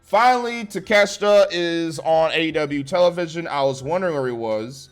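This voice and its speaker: A man's voice: a little high, moderate pace, soft background music. Blunt, foul-mouthed man ranting. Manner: blunt, sarcastic, swears heavily. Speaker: wrestling show reviewer. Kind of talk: profane ranting review.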